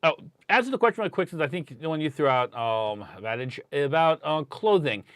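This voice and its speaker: A man chatting casually on an art livestream, lively and often chuckling, echoing his co-host. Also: fairly high pitch, brisk, smooth. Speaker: stream artist.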